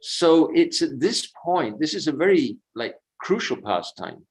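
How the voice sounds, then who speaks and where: A man's voice: on the high side, very animated, poor audio. Man telling devotional stories at a lakeside. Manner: unhurried, reflective, drifting between anecdote and commentary. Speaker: pilgrimage tour speaker. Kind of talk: devotional storytelling talk. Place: at a sacred lake on a pilgrimage walk.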